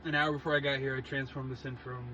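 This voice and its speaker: A man hosting a podcast in casual chat, throwing in quick jokes. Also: medium pitch, little pitch movement, pushed and bright. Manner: joking, throws in quick quips. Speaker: podcast host. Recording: dull lo-fi sound with clear background noise.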